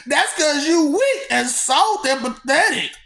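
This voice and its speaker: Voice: high-pitched, pushed and bright. A vlogger ranting to the audience in a rambling, teasing way, laughing often between lines and repeating words in a sing-song manner. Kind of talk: rambling rant to the camera.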